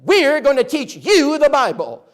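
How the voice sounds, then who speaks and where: A man voicing an eager, talkative young newlywed woman in a high, excitable voice. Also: unhurried, exaggerated voice. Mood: bossy. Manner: high-pitched and excitable, raising her voice.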